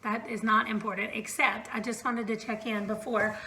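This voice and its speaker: A woman's voice: on the high side, flat delivery, normal speed, pushed and bright, a little hiss or hum, poor audio. A woman in her thirties chatting casually at home in a book vlog, rambling with fillers and little laughs. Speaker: book vlogger. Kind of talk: casual reading vlog chat. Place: room at home.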